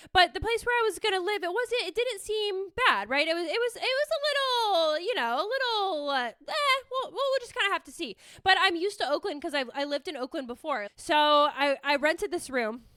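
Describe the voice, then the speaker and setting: A young woman from the Bay Area chats on her podcast in a high, bright voice. She tells her story in a rambling way, full of "like", and the sound is close and dry. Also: fairly quick, hardly any pauses, no echo. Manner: rambling, lots of "like", animated retelling. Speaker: podcast host. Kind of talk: casual storytelling chat.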